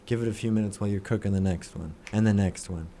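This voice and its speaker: A man's voice: lowish voice, quick pace, mellow, slight background noise. A young man chatting casually, rambling and joking, often playfully defensive. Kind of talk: casual chat.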